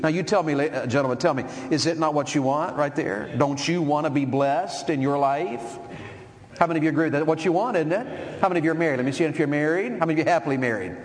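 A man's voice: fairly high pitch, fast talker. A middle-aged man preaching a sermon in a folksy way and asking the congregation questions. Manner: folksy, asks the crowd questions. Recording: long hall reverb.

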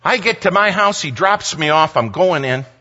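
A man giving a sermon as a story, animated, humorous and conversational. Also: high voice, moderate pace. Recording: dull sound, long hall reverb.

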